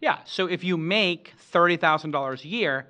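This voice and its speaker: Bright-voiced playful male host. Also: a little high, moderate pace. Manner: animated, playful, jokey. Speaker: podcast host. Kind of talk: casual interview talk.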